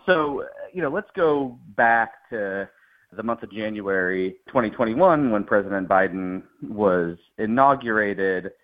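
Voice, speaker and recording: A man who is an economist guest on a podcast, explaining calmly and in a measured way, heard over a remote line. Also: on the low side. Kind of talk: interview answers. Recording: tinny phone-like remote line.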